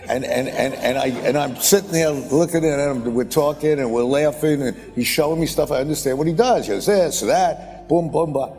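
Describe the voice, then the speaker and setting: Older man, mellow voice, rambling blunt anecdote, long hall reverb, faint music. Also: normal speed, hardly any pauses. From United States. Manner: rambling, blunt and profane, with repeated "boom, boom, boom". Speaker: investor speaking at a conference. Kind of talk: anecdotal storytelling. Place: conference stage.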